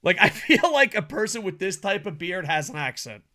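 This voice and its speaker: Podcast co-host, male, bright animated voice, rowdy banter with lots of laughing and swearing. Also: high voice, normal speed. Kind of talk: casual podcast chat.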